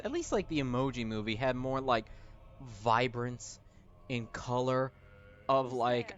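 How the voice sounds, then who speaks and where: Man, movie reaction commentary, high voice, sarcastic, exasperated, swears a lot, slightly muffled sound, faint music behind. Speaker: YouTuber.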